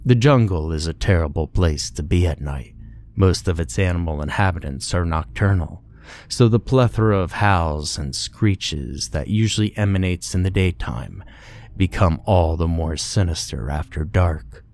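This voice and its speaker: A man narrating a war horror story in a grim, measured, scripted way. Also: sits low, darkish tone.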